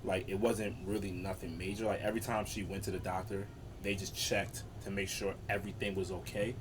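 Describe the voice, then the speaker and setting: Low-voiced man giving casual advice. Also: a little fast, distant mic, background noise. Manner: relaxed, plain-spoken advice with casual slang grammar. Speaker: podcast co-host, father. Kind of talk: casual podcast chat.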